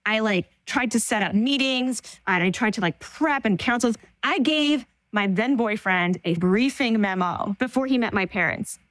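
A woman speaking as a guest in an interview, earnest and quick, with frequent "like" fillers. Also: fairly high pitch, expressive, a bit bright, no echo. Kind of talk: interview conversation.

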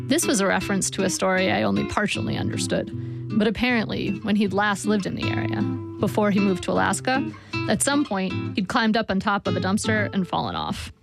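A woman's voice: medium pitch, gravelly. A woman reading a first-person literary story aloud with a dry, wry storytelling manner. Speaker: narrator. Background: soft guitar music.

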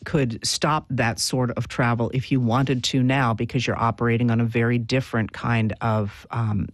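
A male professor explains history in an earnest, halting way, often stopping and restarting his sentences. His voice sits in a middle register. The recording is close and dry on a studio mic. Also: mid-range voice, level tone, no room sound. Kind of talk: explanatory interview answers.

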